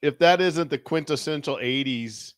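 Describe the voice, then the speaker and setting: A man's voice: fairly high pitch, moderate pace, clear, resonant tone, dry recording, studio quality. A man co-hosting a live podcast, reacting to the story with short quips. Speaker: podcast co-host. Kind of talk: live comedy podcast chat.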